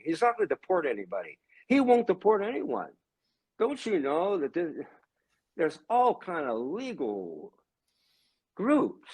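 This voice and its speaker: An older man in his seventies speaks as a guest in an emphatic, ranting torrent. His voice sits a bit high for a man and swings widely in pitch and loudness. He sounds heated and insistent throughout. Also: breathy edge. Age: 70s. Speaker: guest, religious brother. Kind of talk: heated conversational monologue.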